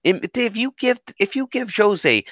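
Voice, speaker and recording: A man talking as a fan co-host, animated and swearing, always asking whether you follow him. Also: high-pitched, unhurried, dry recording. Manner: animated, swearing, keeps asking 'you know what I mean'. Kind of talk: casual football rant. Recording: dry lo-fi audio.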